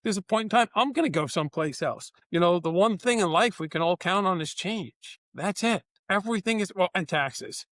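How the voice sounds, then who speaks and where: A business owner with a fairly high voice, telling stories with real animation. He acts out both sides of the conversations in his anecdotes. The sound is dry and close to the mic. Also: lively intonation, fairly quick, few pauses, fairly bright tone, no echo. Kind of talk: conversational storytelling.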